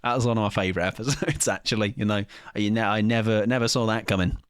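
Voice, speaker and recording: A man's voice: fairly low pitch, fairly even intonation, fast, clear, resonant tone, no room sound, studio quality. A man streaming a game, chatting casually to his viewers, rambling and joking with casual swearing. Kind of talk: casual live-stream chat during gameplay.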